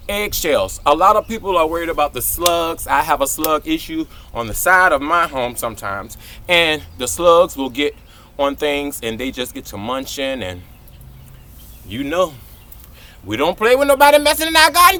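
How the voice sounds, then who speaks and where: Bubbly, high-voiced man gardening outdoors. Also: a little hiss or hum. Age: 40s. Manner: exuberant, affectionate, very animated, lots of catchphrases. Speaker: gardening channel host. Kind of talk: casual outdoor vlog. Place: outdoors in a garden, hot day.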